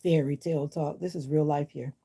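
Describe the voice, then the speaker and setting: Low, gravelly, husky woman live-streaming. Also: fairly even intonation, fairly quick, warm tone. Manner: chatty, answers comments, sassy and blunt. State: unwell. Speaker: livestream host. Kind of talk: casual livestream chat with viewers. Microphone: phone or device mic.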